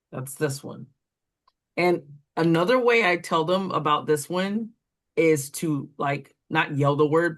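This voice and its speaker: A woman walking through reading correction steps as a tutor trainer, explaining step by step with fillers while pointing at examples. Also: low voice. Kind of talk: instructional walkthrough.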